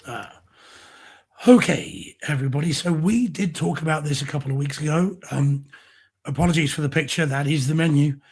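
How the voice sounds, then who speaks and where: Husky, hoarse man gushing about movies. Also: on the high side, moderate pace, darkish tone. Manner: enthusiastic, effusive. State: voice going hoarse. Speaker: co-host. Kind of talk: casual chat about home theater.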